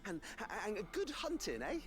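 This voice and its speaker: An actor voicing a chatty male tinkerer with a West Country accent, high and nasal-sounding, folksy and wheedling, in a video game. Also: wildly swooping pitch, normal speed. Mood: eager. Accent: West Country English. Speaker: game character. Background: game music.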